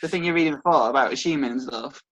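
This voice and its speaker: A man's voice: mid-range voice, very fast, muffled recording, a crowd in the background. A young man from England with an English accent, chatting casually and telling funny anecdotes. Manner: chatty, tells anecdotes, swears. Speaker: participant. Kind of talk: casual chat.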